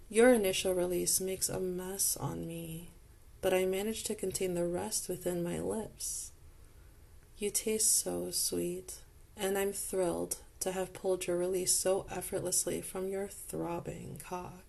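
Slow, husky-toned woman narrating intimately. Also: lowish voice, flat delivery, darkish tone. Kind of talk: second-person intimate audio role-play narration.

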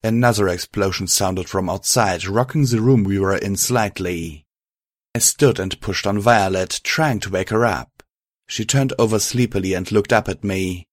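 A man reading a first-person fan fiction story aloud, steady and even. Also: on the low side, moderate pace, no echo, studio quality. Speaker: narrator.

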